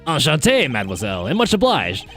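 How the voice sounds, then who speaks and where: A game player voicing a chipper, easygoing male defense attorney with slangy, relaxed talk. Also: medium pitch, fast talker, soft background music, voice pushed down.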